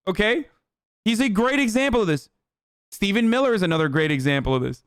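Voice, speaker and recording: A man's voice: high-pitched, expressive, a little fast, fairly bright tone, smooth, no room sound, clean studio sound. A man hosting a livestream, giving heated, sarcastic political commentary with lots of swearing. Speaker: livestream host. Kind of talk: ranting political commentary stream.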